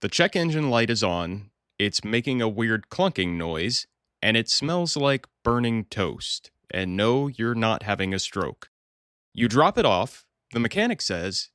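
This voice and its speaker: Animated, wry male podcast host. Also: medium pitch, a little slow, no room sound, studio quality. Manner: wry, sarcastic storytelling. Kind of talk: scripted podcast monologue.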